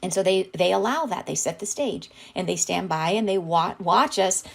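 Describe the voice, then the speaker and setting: A woman's voice: lowish voice, moderate pace, gravelly. A middle-aged woman hosting a live stream, reading channeled messages aloud and talking them over in a heartfelt, casual way, often asking "right?". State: tearing up, laughing through tears.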